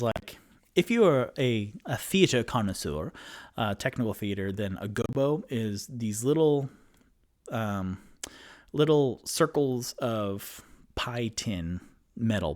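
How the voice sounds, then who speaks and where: A man narrating a solo tabletop game as game master, rambling and hesitant with many fillers. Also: mid-range voice.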